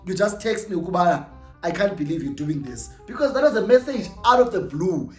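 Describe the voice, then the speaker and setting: A young South African woman with a Xhosa-flavoured accent, casually telling an animated story and switching between English and Xhosa. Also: fairly low pitch, fairly quick, reverberant, soft background music. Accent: South African, mixing in Xhosa. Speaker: storytime vlogger.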